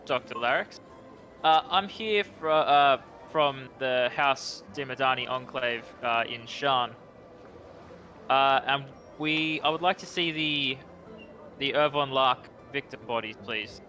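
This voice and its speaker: A man's voice: medium pitch, takes it slowly, pushed and bright, soft background music. A man playing a tabletop game, speaking hesitantly in character with stumbles. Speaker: player.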